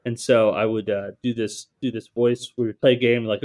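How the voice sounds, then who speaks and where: A man's voice: fairly low pitch, little pitch movement, moderate pace, darkish tone. Playful man co-host telling stories. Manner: playful, storytelling. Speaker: podcast co-host, former trainer. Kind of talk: casual podcast chat.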